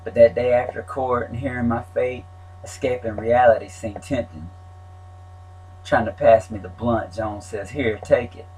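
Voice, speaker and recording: A man's voice: medium pitch, steady tone, measured pace, dark tone, husky, poor audio. A man reading his own story aloud in a plain, wry telling. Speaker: memoir narrator.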